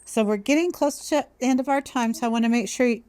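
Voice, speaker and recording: A woman's voice: on the high side, fast, a little mellow, clean tone, no room sound. A woman hosting a health podcast, asking questions in a casual, hesitant way with many fillers. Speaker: podcast host. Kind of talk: casual interview talk.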